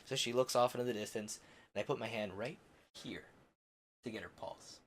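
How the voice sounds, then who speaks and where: A man's voice: medium pitch, brisk, a little hiss or hum. A young man streaming, rambling through an embarrassing story with self-mocking asides and frequent laughter. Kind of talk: casual storytelling on a game stream.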